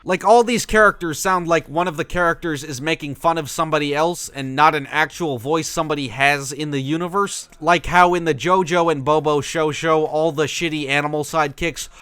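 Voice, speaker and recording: Male video host, sarcastic and blunt, bright clear voice, dry close sound. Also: a little high, fairly even intonation, brisk, few pauses, dry recording. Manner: blunt, sarcastic, swears freely. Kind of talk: comedic commentary.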